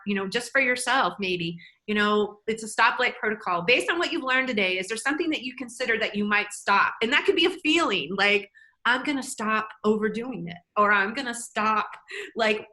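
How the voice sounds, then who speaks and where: Bright, chatty woman presenter. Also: a little high, low-quality recording. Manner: energetic, chatty, self-interrupting. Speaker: workshop presenter. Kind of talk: live webinar presentation.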